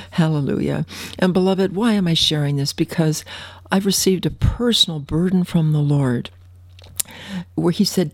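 A woman's voice: sits low, a little mellow, no echo. Fervent woman radio preacher, dry sound. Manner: fervent, affectionate, reads scripture slowly. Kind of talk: radio sermon.

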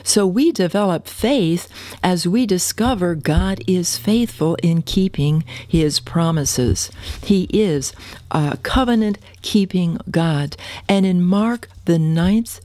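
A woman's voice: fairly low pitch, slow pace, dark tone, dry recording. A woman preaching a sermon, earnestly exhorting her listeners and quoting scripture.

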